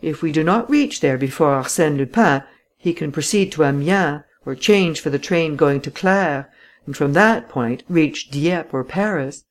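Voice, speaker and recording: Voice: medium pitch, a little slow, close to an everyday voice. A reader voicing an eager male police officer calling out directions during a chase in a storybook reading. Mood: urgent.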